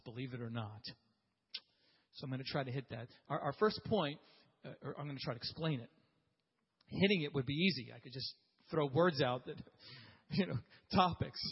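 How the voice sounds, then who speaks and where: A man's voice: a little high, husky. A man teaching a class in a conversational way, with restarts and asides to his listeners. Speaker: Bible teacher. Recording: dull audio in a reverberant hall.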